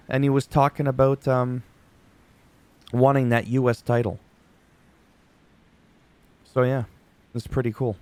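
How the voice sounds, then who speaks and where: A man giving a casual, chatty wrestling recap, animated and quick to act out quoted lines. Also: medium pitch.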